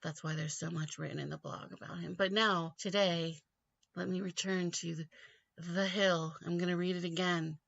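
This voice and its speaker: A woman's voice: on the low side, steady tone, normal speed, vocal fry, a bit bright, highs cut off. A woman hosting a comedic solo commentary show. She rambles, mocks her subject and laughs often.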